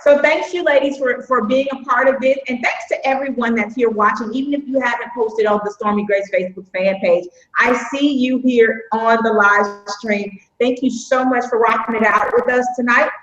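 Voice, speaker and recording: An upbeat woman with a fairly high voice, hosting a live stream in a chatty, folksy way. The sound is echoey and a bit muffled, like a live stream recorded in a reverberant room. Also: normal speed, hardly any pauses, fairly bright tone. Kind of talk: casual live-stream chat.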